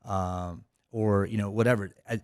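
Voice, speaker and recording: A middle-aged cybersecurity CEO appears as a podcast guest, talking casually and rambling with many fillers and restarts. His lowish, darkish voice is clear and resonant, with a steady tone at a normal pace, recorded dry at studio quality.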